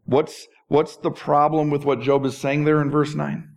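A middle-aged male pastor preaching a conversational sermon, animated and self-deprecating with touches of humor. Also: a little high, moderate pace, gravelly.

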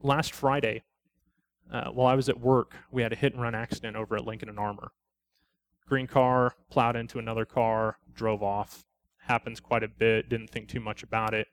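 A man's voice: mid-range voice, little pitch movement, moderate pace. A middle-aged man, a police officer, telling a personal testimony at a church study in a plain conversational way, quoting people he met and closing with blunt preachy points. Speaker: lay speaker at a church study.

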